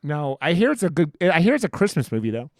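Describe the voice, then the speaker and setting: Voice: mid-range voice, very animated, fast, dry recording, studio quality. A podcast co-host in a casual horror movie review chat, rambling with many restarts and casual swearing.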